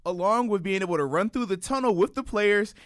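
A man co-hosting a casual sports show, a former player who walks through football strategy with animated energy. His voice sits a bit high for a man. The sound is close and dry, with no room around it. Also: a little fast, no echo. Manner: animated, explains plays.

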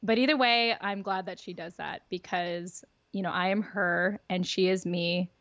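A woman's voice: on the low side, steady tone, normal speed, a bit bright, no room sound, highs cut off, close to an everyday voice. A woman speaking as her own inner child, a sassy and confident young girl, in her everyday voice. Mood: earnest.

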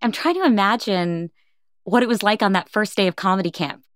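A woman host narrating the story in a calm, scripted way and asking her guest short questions. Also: mid-range voice, fairly quick, no echo, clean studio sound.

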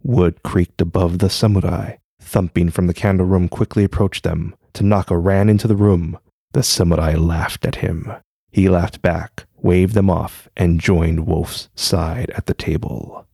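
A man narrating a scripted story in a measured, even delivery. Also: low-pitched, vocal fry, husky, no echo, clean studio sound.

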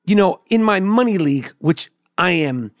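A man's voice: high-pitched, lively intonation, normal speed, dry recording, clean studio sound. A man hosting a podcast, telling a rambling, profane, comedic story in casual chat. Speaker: podcast host.

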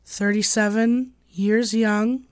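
A woman hosting a podcast in a casual chat, her voice hoarse from laryngitis, joking about herself. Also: medium pitch, steady tone, slow pace. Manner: self-deprecating, joking. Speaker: podcast host.

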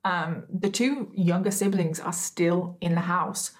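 Speaking at a measured pace in a lowish voice, a woman retells a true crime case for her video. She keeps it casual, with frequent asides to viewers and strong expressions of disbelief.

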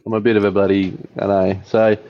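A man's voice: fairly low pitch, little pitch movement, a little fast, highs cut off. A man with an Australian accent, a podcast guest chatting casually over beers, rambling, swearing freely and laughing a lot.

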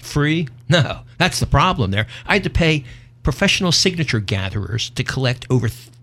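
A man's voice: mid-range voice, sing-song, normal speed, fairly bright tone. A man hosting a talk show, chatting in a folksy, opinionated, half-joking way. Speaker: podcast host. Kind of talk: casual talk show banter.

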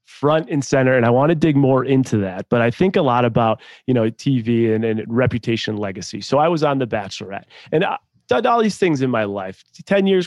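Male interview host, gravelly, dry close sound, earnest and rambling. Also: medium pitch, darkish tone, no echo. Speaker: podcast host. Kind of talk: casual interview questions.

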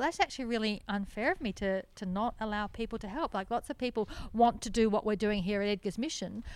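An Australian woman, a guest in a casual interview, telling animated stories and laughing often. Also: a little high, no echo. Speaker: sanctuary founder, guest.

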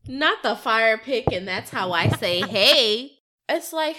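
A young woman on a podcast who talks loudly and with animation, laughs often, and uses emphatic slang. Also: fairly high pitch, animated, slow pace. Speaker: podcast co-host or guest. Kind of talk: casual podcast chat.

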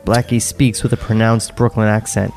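A man's voice: on the low side, flat delivery, moderate pace, darkish tone, soft background music. A man co-hosting a podcast, reading a script's stage directions in a laid-back way, chuckling now and then. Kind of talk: table read narration and banter.

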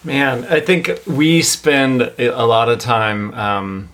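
Relaxed, reflective male podcast co-host. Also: mid-range voice, takes it slowly. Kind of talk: casual podcast conversation.

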